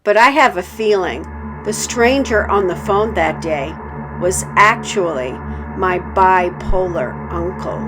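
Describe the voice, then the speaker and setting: A woman narrating a scripted true-life story in a calm, measured reading voice. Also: on the low side, heavy background noise.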